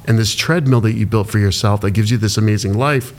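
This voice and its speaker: Halting man, filler-heavy talk. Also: fairly low pitch. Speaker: entrepreneur guest. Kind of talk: emotional podcast interview.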